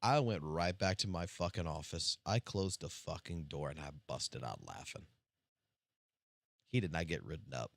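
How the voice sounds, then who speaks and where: A male game streamer telling profane, animated anecdotes on a live stream. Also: rumbling low, normal speed, vocal fry, no room sound.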